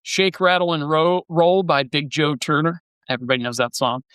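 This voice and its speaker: Male podcast host, rambling and enthusiastic, smooth tone, bone-dry close-miked sound. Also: a little high, normal speed, fairly bright tone, no room sound. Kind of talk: casual podcast chat.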